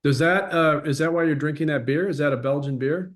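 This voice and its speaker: A man hosting a podcast, talking in a relaxed, halting way with many fillers. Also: fairly high pitch. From United States. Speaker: podcast host. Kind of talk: casual chat.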